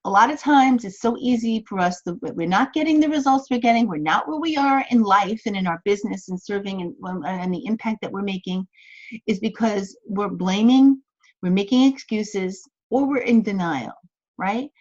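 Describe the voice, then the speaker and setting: A woman's voice: mid-range voice, normal speed, highs cut off. A woman, a business coach, teaching an online course in a chatty, encouraging way from her office, acting out the thoughts she quotes.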